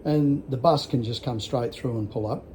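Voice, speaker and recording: A man's voice: medium pitch, moderate pace, warm tone, a little hiss or hum. An Australian man in his sixties telling a rambling story in a casual vlog, blunt and full of swearing. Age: 60s. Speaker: vlogger.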